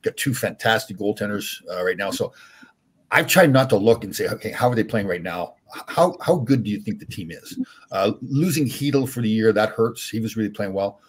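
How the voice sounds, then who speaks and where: An older man, a former hockey player, telling animated stories as a podcast guest with many restarts. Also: fairly low pitch, brisk, husky. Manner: animated, rambling anecdotes with frequent restarts. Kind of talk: casual storytelling.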